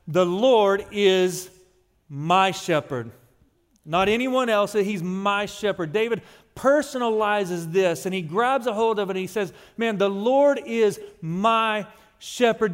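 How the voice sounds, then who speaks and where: A man preaching a sermon as pastor, emphatic and slowing down on key phrases. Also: high-pitched, smooth. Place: church sanctuary. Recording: long hall reverb.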